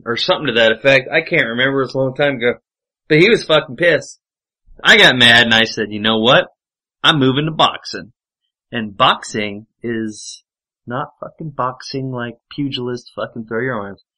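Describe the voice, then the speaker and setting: A man's voice: medium pitch, normal speed, pushed and bright, low-quality recording. A man telling rambling, profane anecdotes in casual chat, with lots of fillers and swearing. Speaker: podcast storyteller.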